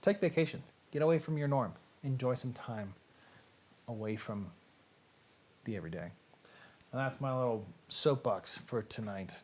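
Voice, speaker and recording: A man's voice: medium pitch, moderate pace, long pauses, a little mellow. A middle-aged man with a Southern US accent, hosting a casual, rambling livestream chat in a self-deprecating way. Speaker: host.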